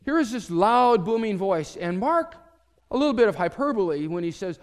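A man preaching a sermon as pastor, telling a story and swinging from loud to hushed. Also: high-pitched, lively intonation, moderate pace, big-room sound.

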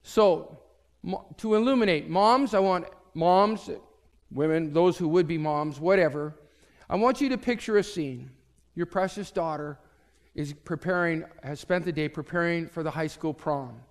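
A man preaching a sermon as pastor, telling a story and swinging from loud to hushed. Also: fairly high pitch, unhurried, big-room sound.

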